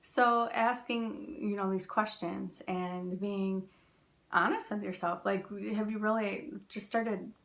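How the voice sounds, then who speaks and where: A spiritual teacher from the United States, a woman with a mid-range voice that has a gravelly, creaky edge. She talks in a loose, chatty way, piling up questions and fillers as she tells stories. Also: medium pitch, slow. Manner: chatty, animated storytelling with filler words. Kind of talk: casual spiritual talk.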